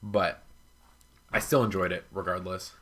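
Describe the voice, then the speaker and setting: Low, bright-voiced man hosting a book chat. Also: steady tone, measured pace, a little hiss or hum. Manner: loose, filler-heavy talk full of 'like'; jokey and emphatic when arguing. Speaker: podcast host. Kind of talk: casual book club chat.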